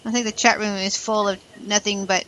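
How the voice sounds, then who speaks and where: A woman's voice: mid-range voice, level tone, fairly quick, fairly bright tone, a little hiss or hum, rough recording. A woman hosting a casual podcast, chatty and a bit scattered, laughing between lines. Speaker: host.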